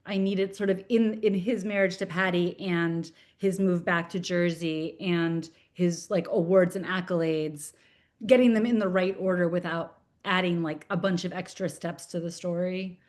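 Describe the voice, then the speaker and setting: Woman author, 40s, guest on a video-call interview; lively, rambling, full of fillers. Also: on the low side, moderate pace. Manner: animated, chatty, many fillers and restarts. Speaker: children's book author, guest.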